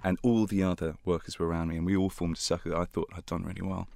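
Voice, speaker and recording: A man as an interview guest, telling a story in an animated, self-mocking way and laughing as he goes. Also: low voice, fast talker, vocal fry, dry recording. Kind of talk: anecdotal storytelling.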